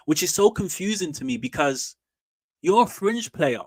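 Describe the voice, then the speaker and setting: A man streaming casual football commentary, animated and opinionated, with slangy repeated asides. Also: high voice, normal speed, slightly rough, dry recording. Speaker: streamer and fan channel host.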